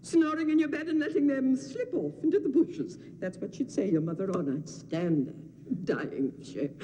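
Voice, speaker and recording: A fussing old nursemaid scolds and frets in a mellow, darkish voice that swoops up and down. The delivery is film-drama acting, doting underneath the nagging. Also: female voice, high voice, moderate pace, long reverb tail, slight background noise. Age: older. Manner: scolding, fretful, lively sing-song.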